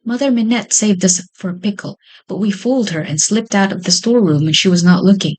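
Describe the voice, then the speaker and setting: A woman voicing a very stout, jolly cabbage who is out of breath, in a raised, lively voice. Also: mid-range voice, a little fast, lightly acted.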